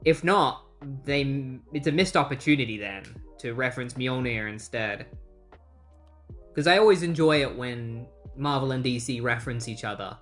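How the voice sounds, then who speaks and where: A comic book retrospective host runs through the plot in a loose, conversational way. The host drops wry asides and the occasional curse along the way. The voice sits in a middle pitch. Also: moderate pace, soft background music. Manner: breezy, wry, swears casually, acts out quotes. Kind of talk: casual plot recap.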